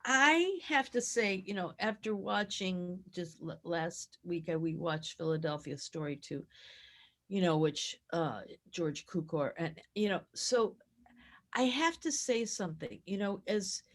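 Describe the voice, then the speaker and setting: Lady talking slow about an old film, acting out scenes as she goes. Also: on the low side. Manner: animated, acts out film scenes. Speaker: film club co-host. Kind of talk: casual chat.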